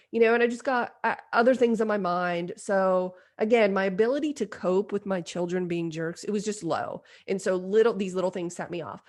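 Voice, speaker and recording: Woman podcast host in her forties, candid and self-deprecating, middle pitch. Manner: self-deprecating, confessional, lively retelling. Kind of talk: candid personal storytelling.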